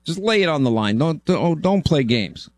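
A man's voice: a little high, sing-song, moderate pace, dry recording. A man hosting a talk radio show, talking bluntly and joking around with a guest.

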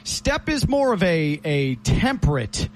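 A man's voice: fairly high pitch, sing-song, slow pace, slight background noise. A man who works as a sports broadcaster, co-hosting a casual podcast in an agreeable, easygoing way. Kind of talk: casual chat.

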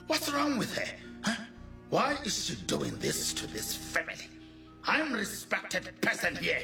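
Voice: medium pitch, huge pitch swings, measured pace, creaky, echoey room, exaggerated voice. A performer playing a stern, proud middle-aged father, angry and lecturing. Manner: angry, lecturing, shouting bursts. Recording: distant mic, faint music.

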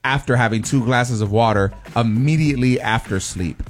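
A man's voice: mid-range voice, moderate pace, soft background music. A man hosting a casual group talk, reading out a list of tips and chatting easily with his guests. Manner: easygoing, reads items aloud, laughs along. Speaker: podcast host reading a list.

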